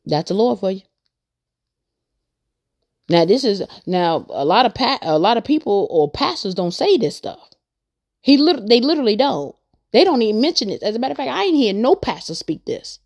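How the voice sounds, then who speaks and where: A woman hosts a podcast with a medium-pitched, slightly mellow voice that swings widely in pitch at a normal pace. It's a casual monologue on her faith, earnest and meandering, with points repeated for emphasis.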